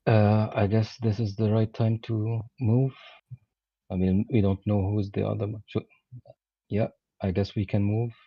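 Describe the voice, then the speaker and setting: A man's voice: lowish voice, level tone, a little slow, creaky, slightly rough, lo-fi sound. A man playing a tabletop game, talking hesitantly with many mms and uhs. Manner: hesitant, lots of mm and uh. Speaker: player. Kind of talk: casual tabletop game play.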